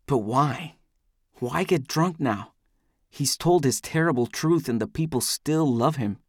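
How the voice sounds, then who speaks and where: A man's voice: medium pitch, a little slow, no room sound, studio quality. Man narrating a brooding audiobook. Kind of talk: first-person audiobook narration.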